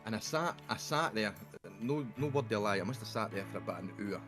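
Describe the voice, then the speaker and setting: A man's voice: lowish voice, expressive, fast talker, fairly bright tone, faint music behind. A Scottish man streaming a game, telling a rambling, swear-filled story to friends on a voice call. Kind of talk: casual chat on a voice call. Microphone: desktop mic on a voice chat.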